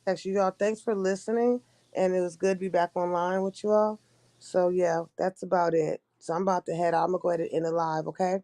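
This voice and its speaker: A woman's voice: lowish voice, fairly even intonation, a little fast, mellow, no echo. A woman hosting a casual livestream chat, talking in a loose, rambling way with many restarts. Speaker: livestream host.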